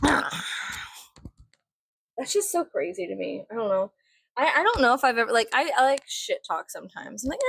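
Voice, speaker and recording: A woman in her thirties venting in a casual vlog, blunt, profane and sarcastic, swinging into sudden high laughs. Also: sing-song, moderate pace, vocal fry, a bit bright, no room sound. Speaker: vlogger.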